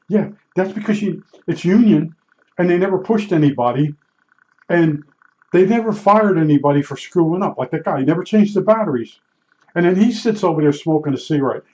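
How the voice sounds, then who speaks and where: An older man from Newark, New Jersey, a vlogger, rambles bluntly through stories of his working days as a meter calibrator, restarting often and tossing in salty asides. His medium-pitched voice has a darkish tone, and the recording cuts off the highs.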